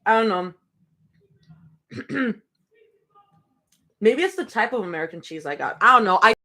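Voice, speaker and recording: Young woman, chatty streamer, bright tone, rambling, home room. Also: mid-range voice, lively intonation, unhurried. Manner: chatty, rambling, snacking while talking. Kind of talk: casual live reading chat.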